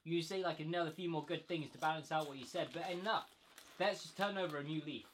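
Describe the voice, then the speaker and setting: A man's voice: on the high side, steady tone, fast talker, a little hiss or hum. A young man hosting a casual chat with friends, teasing and mock-offended. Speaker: host.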